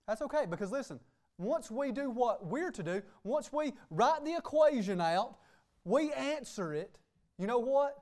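A man's voice: extremely high pitch, expressive, unhurried, darkish tone. A man preaching a sermon as pastor, emphatic and repeating "hey" and "okay" between phrases. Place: church sanctuary.

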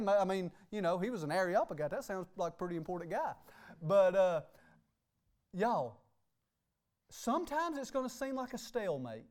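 High-voiced preaching man. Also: a little mellow. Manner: emphatic, punctuates with "hey" and "okay". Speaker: pastor. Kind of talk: sermon. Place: church sanctuary.

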